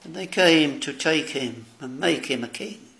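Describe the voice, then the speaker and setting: Slow gravelly male preacher. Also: a little high, expressive, bright, forceful tone. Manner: slow, solemn preaching with archaic scripture phrasing. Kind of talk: sermon.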